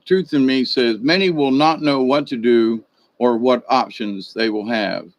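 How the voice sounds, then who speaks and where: A man's voice: medium pitch, unhurried. A man hosting a spiritual livestream, reading chat comments in a rambling, folksy way full of fillers and restarts. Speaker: spiritual video host.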